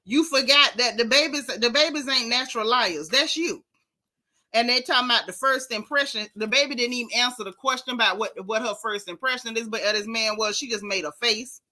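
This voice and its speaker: A middle-aged woman, casually recapping reality TV in an animated, sassy way. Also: fairly high pitch. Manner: animated, sassy, exclaiming, drawn-out emphasis. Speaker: show recap host.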